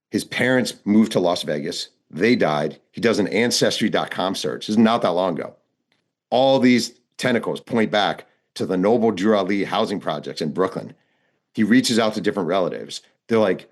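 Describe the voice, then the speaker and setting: A man with a very low voice spins out a reporting story as an interview guest. He narrates vividly and slips into the voices of the people he quotes, keeping the story moving. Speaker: author and guest.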